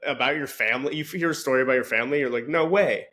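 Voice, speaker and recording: A man's voice: medium pitch, steady tone, racing, sharp tone. A man who is a guest on a podcast and an author, chatting casually and enthusiastically, laughing often. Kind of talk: casual chat.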